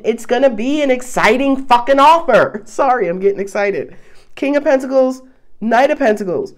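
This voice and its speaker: Excitable, profane woman tarot reader. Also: high-pitched. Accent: Southern US. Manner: excitable, profane, laughs often. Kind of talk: casual tarot reading.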